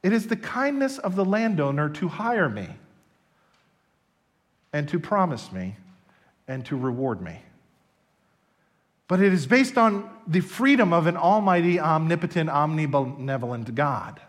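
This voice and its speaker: Animated preacher man with lively voice. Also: a little high, a little slow, pauses often. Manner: animated, storytelling, emphatic. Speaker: pastor. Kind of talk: sermon.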